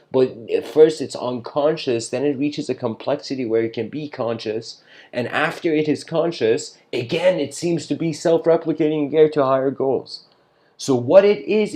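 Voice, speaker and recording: A man's voice: fairly high pitch, warm tone. A man talks through big ideas in a casual, meandering monologue. He stumbles over his words, restarts sentences and breaks into laughter between thoughts. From Iran. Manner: rambling, lots of fillers and restarts, laughs often. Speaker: speaker giving a philosophical talk.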